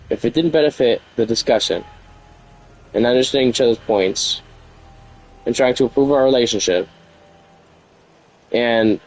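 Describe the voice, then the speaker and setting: A man's voice: fairly low pitch, darkish tone, rough recording. A man streaming, venting at length about an argument in an aggrieved, rambling, repetitive way.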